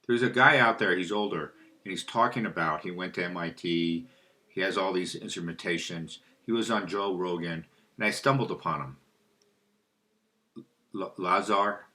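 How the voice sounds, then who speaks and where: This spiritual video host takes his time, his very low voice carrying a bright edge as he meanders through a monologue on his own. Now and then he drifts off track and recovers, posing questions aloud only to answer them himself.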